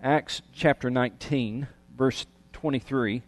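A man preaching a sermon, reading scripture aloud and breaking off into lively, conversational asides. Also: mid-range voice, slow pace, in a large hall. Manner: animated, conversational preaching with restarts. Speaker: pastor.

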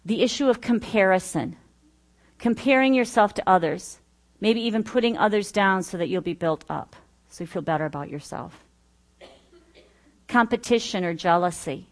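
A woman's voice: medium pitch, moderate pace, long pauses. A middle-aged woman teaching earnestly, listing points with personal asides. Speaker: Bible study teacher. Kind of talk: teaching talk.

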